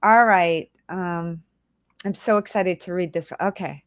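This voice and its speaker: In a fairly low voice and at a slightly slow pace, a woman hosts a relaxed livestream, calling out viewers by name and chatting emotionally as she holds back tears. The audio is clean studio sound with no echo.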